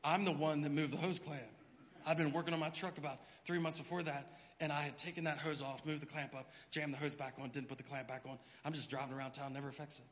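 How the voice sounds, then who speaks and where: A middle-aged man preaching from the pulpit, telling a story with lively acted-out moments. His voice is fairly high and forceful. The sound rings with the long reverb of a church hall. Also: quick pace. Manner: animated storyteller, acts out his own panicked thoughts. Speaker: pastor. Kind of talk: sermon storytelling. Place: church sanctuary.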